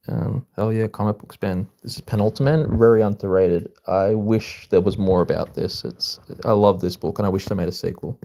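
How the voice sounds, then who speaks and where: A man chatting casually with viewers on a live stream, relaxed and full of filler ums. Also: fairly low pitch, normal speed, vocal fry, hardly any pauses. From Australia.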